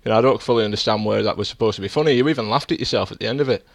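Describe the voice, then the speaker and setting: A man's voice: on the low side, very fast, vocal fry, no room sound. A man streaming a sim race, arguing defensively and lecturing rivals over voice chat. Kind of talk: heated in-game voice chat argument.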